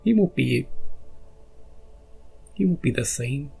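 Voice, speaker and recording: Gravelly-voiced man musing casually. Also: medium pitch, animated, slow, warm tone, faint music behind. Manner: rambling, self-interrupting, chuckles often. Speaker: reaction video host. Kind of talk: casual after-episode musing.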